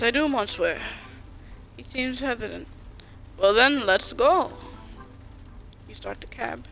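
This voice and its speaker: A woman's voice: high voice, vocal fry, low-quality recording. A woman streamer reading a story game's narration aloud, with chatty asides.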